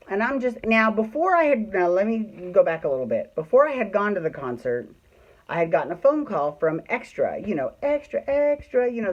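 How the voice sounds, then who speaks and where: A man's voice: fairly high pitch, highs cut off. Chatty, cussing man telling a story. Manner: chatty, swears freely, acts out what people said. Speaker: storyteller host. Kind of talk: casual storytelling.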